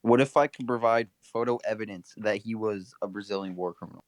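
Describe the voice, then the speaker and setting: A young man co-hosting a casual podcast, joking with a deadpan delivery. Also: on the low side, a little fast, slight background noise. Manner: deadpan, jokey. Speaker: podcast co-host. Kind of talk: casual chat.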